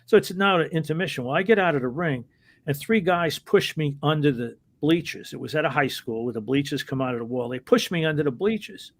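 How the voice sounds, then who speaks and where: A man's voice: fairly high pitch, lively intonation, a little fast. A man, a former wrestling referee, telling anecdotes in an interview in a hesitant, rambling way and chuckling as he goes. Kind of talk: casual anecdotal storytelling.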